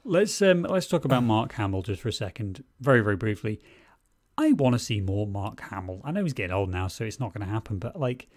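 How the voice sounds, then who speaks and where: A man co-hosts a film podcast in a casual, opinionated chat. His voice sits low, and the sound is close and dry with no room around it. He gets animated and swears now and then for emphasis. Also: fairly quick, no room sound. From Scotland. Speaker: podcast co-host.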